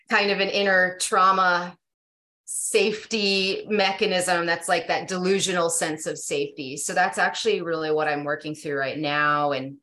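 A woman guest on a podcast, candidly telling a personal story in a lively, casual way. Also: low-pitched. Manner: animated, candid, many "like" fillers. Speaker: podcast guest, yoga teacher.

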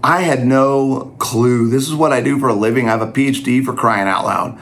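A man's voice: mid-range voice, moderate pace, a bit bright. A man teaching in a conversational sermon style, earnest and self-deprecating.

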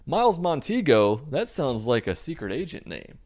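A man's voice: medium pitch, very animated, a little mellow, voice pushed up, natural voice. A man voicing an awkward but friendly middle-aged father. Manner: slow, awkward.

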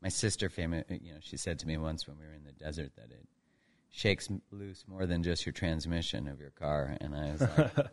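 A man from Canada with a very deep voice speaks as a podcast guest. He talks in an easygoing, thoughtful way, pausing with ums and you-knows as he goes. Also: animated. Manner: easygoing, reflective, with fillers. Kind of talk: casual podcast interview.

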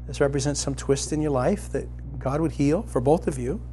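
Middle-aged guy preaching, gets loud and excited, kinda high voice, faint hum behind. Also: moderate pace. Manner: animated, rising to loud excited emphasis. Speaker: pastor. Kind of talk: sermon storytelling.

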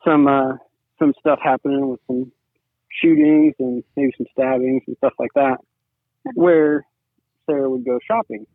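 A man's voice: mid-range voice, steady tone, unhurried, no room sound. Rambling man over a tinny line. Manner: rambling, many "you know"s. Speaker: guest, sibling-in-law. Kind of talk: casual conversation.

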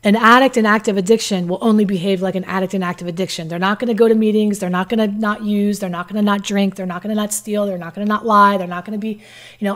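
A woman's voice: mid-range voice, fairly even intonation, fast. Blunt female recovery coach, casual advice talk, mid-range voice. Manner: blunt, conversational, acts out quoted voices. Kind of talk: direct-to-camera advice talk.

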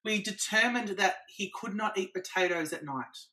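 A woman practitioner, appearing as an interview guest, walks through her methods with lively energy and plenty of examples. Her voice sits in the mid range, and she speaks at a moderate pace.

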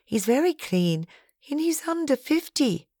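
Woman doing a gossipy female friend in a storybook reading, higher and lively, dry close recording. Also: a little slow, no room sound, full character voice. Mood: teasing.

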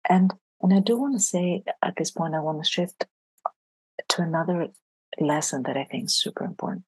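A woman's voice: lowish voice, lively intonation, normal speed, a little mellow, slightly rough, dry recording, rough recording. A woman being interviewed as a leadership coach, talking earnestly in casual conversation and dropping to a near-whisper for emphasis.

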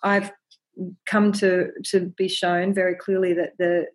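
A woman speaking as a podcast guest, sharing her practice in a gentle, earnest, reflective way and often repeating words as she thinks. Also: fairly low pitch, level tone, a little slow. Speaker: podcast guest, ceremony holder.

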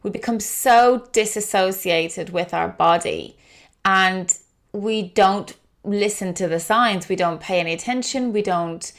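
A woman hosting an interview, speaking in a calm, reflective way and prompting her guest with empathy. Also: mid-range voice. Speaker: host. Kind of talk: podcast interview.

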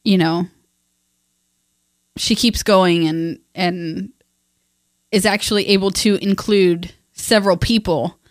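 A woman's voice: on the low side, steady tone, no echo. Chatty woman podcast co-host, dry sound. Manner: halting and chatty, with many fillers and restarts. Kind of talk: casual book-discussion chat.

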